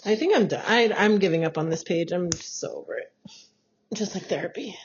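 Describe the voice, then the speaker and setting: A woman's voice: on the low side, animated, brisk. A woman co-hosting a casual podcast chat, blunt and joking, cursing offhandedly. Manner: blunt, wisecracking, curses casually. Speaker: podcast co-host. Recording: dull lo-fi sound with faint noise.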